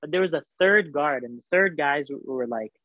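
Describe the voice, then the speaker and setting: A man telling a story in casual chat, animated, acting out the voices of the people in it, with lots of fillers. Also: a little high, moderate pace, dry recording. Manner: animated, acts out quoted voices, filler-heavy. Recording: tinny phone-like sound.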